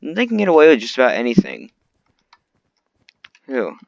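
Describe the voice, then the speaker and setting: A man rambles through a rant, griping and breaking off his sentences to start them over. His pitch swings widely as he talks. The recording is dry and a little muffled. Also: huge pitch swings, normal speed, creaky, no echo. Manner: rambling, complaining, many restarts. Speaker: vlogger. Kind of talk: unscripted rant.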